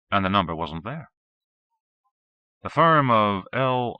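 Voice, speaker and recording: Man, audiobook narrator, very low voice, forceful, dull old cassette sound. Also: sing-song, moderate pace, pauses often, no echo. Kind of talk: first-person novel narration. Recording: dull 1980s cassette recording.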